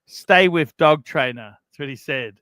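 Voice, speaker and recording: A man's voice: fairly high pitch, a little slow, sharp tone, no echo. A man hosting a casual livestream, animatedly retelling a feud. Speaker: livestream host.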